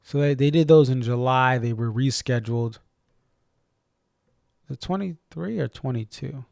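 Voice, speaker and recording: A man's voice: mid-range voice, measured pace, gravelly, darkish tone, dry recording, clean studio sound. A man with a faint Boston accent, rambling and correcting himself as he hosts a casual live-stream chat. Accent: slight Boston. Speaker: stream host.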